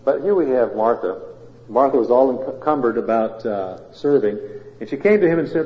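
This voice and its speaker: A man preaching a sermon from the pulpit. His voice rings out in a large, reverberant church, and the recording sounds a little dull and lo-fi. He rises to loud, emphatic lines, then drops low and close, putting questions to his listeners. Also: expressive, normal speed. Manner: swings between loud emphatic and quiet intimate phrasing, asks the congregation questions. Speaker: pastor.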